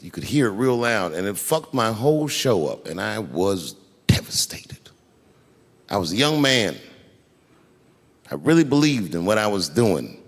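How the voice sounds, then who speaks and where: Brief: husky male comic storytelling onstage, long echo of a big room. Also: lowish voice. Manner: animated, profane, acts out scenes. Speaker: stand-up comedian. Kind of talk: stand-up storytelling. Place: comedy stage. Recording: echoey live venue.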